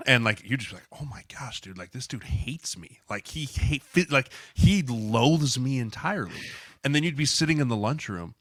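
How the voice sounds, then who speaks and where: Man, 30s, podcast co-host, bright forceful voice, animated storytelling, filler "like", dry close mic. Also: medium pitch, moderate pace, dry recording. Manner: animated, acts out quotes with filler "like". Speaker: podcast co-host, former NFL lineman. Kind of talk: casual storytelling chat.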